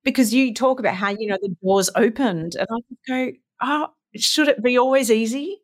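A woman's voice: fairly high pitch, moderate pace. A woman co-hosting an interview, asking curious questions and laughing easily. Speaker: co-host. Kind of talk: casual interview talk.

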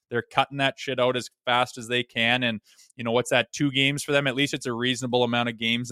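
A man's voice: mid-range voice, sharp tone, clean tone, dry recording, clean studio sound. A man co-hosting a hockey podcast, breaking down hits in a blunt, folksy way. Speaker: co-host, former player. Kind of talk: casual sports talk.

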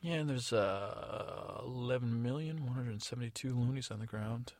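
A man's voice: medium pitch, normal speed, gravelly, darkish tone, dry recording. A man voicing a laid-back, wisecracking male gnome in a storytelling podcast, offhand and matter-of-fact.

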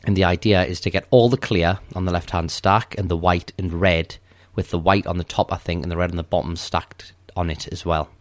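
A man's voice: low voice, steady tone, a little fast, no room sound. A man co-hosting a casual podcast, recounting a video game level step by step in a methodical way. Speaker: podcast co-host. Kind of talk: casual game walkthrough chat.

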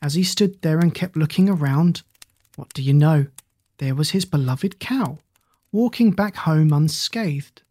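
A storyteller reads a folk tale in a measured, even voice and now and then turns to the listener with a question. The voice is breathy and mid-pitched. The recording is dry and close. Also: no room sound. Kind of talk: scripted story narration.

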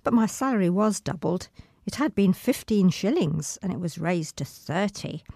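A woman's voice: on the low side, moderate pace, creaky, husky, dry recording, studio quality. Woman reading a memoir expressively. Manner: expressive first-person reading. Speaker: reader.

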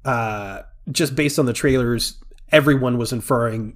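A man co-hosting a podcast, excitedly retelling movie scenes in casual chat, laughing often and restarting his sentences. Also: medium pitch, moderate pace. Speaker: podcast co-host.

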